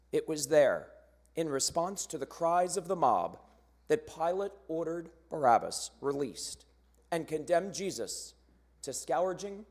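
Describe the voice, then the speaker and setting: A man with a fairly high voice reads scripted narration for a church cantata. He speaks slowly and solemnly, with a lively, rising-and-falling delivery and rhetorical questions. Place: church sanctuary during a choir performance.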